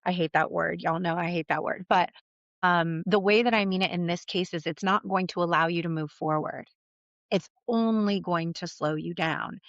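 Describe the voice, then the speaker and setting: A woman's voice: on the low side, no echo. Woman coach doing a solo podcast, blunt and chatty, swears casually, kinda muffled dry audio. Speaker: life coach, podcast host. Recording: dull, slightly muffled dry recording.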